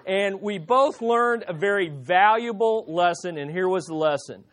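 A middle-aged man preaching a sermon, telling a personal story with frequent restarts and repeated words, slowing down to stress key lines. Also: sits high, fairly bright tone. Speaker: pastor.

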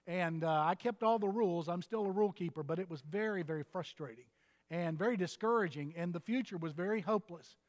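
High-voiced older preacher in a hall. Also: male voice, brisk. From Texas. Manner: folksy storytelling preacher, humorous asides. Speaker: pastor. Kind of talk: sermon. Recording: reverberant hall.

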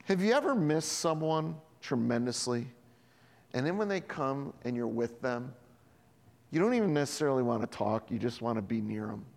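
A man's voice: medium pitch, moderate pace, creaky. A man preaching a sermon as pastor, telling stories and acting out the voices of people in them. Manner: animated storytelling, acting out voices in quotes. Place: church hall. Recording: long hall reverb.

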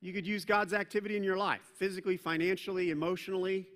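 Bright-voiced pastor in a reverberant hall. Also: male voice, high-pitched, fast talker. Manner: animated storytelling, acts out scripture voices; self-deprecating asides. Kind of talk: sermon.

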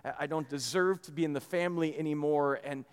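Animated man preaching in a reverberant church. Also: on the high side, quick pace, smooth. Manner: storytelling, animated with many restarts. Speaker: pastor. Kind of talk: sermon.

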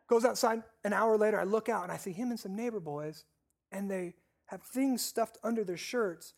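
A pastor preaching a sermon with repeated, stressed phrases, slowing down on key lines and asking the congregation questions. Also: mid-range voice, creaky.

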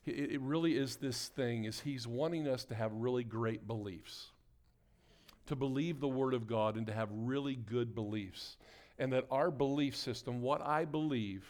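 Male pastor, mid-pitched voice, sermon delivery with call-and-response to a congregation, swells into urgent emphasis. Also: moderate pace, darkish tone. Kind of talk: sermon with prayer. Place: church sanctuary before a congregation.

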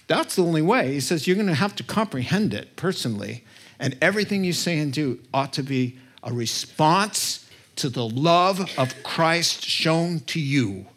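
A man preaching a sermon as pastor, telling stories expressively with his voice climbing high at emotional moments and making self-deprecating asides. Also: expressive, normal speed, a bit bright, slightly rough.

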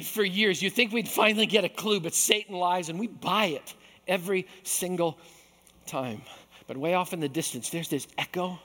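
A man preaching as pastor, animated and acting out voices from the story. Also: high voice, long reverb tail. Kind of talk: sermon.

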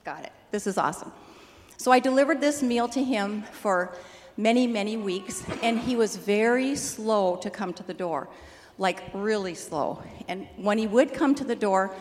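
An older woman telling a personal testimony in a lively, animated way, laughing easily as she tells the story. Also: medium pitch, moderate pace, in a large hall, a little hiss or hum. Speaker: church member sharing a testimony.

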